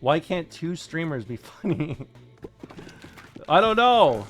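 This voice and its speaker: A man streaming live, chatting casually and wryly with his viewers, quick to joke and to deny things. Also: fairly high pitch, sing-song, fairly bright tone, soft background music.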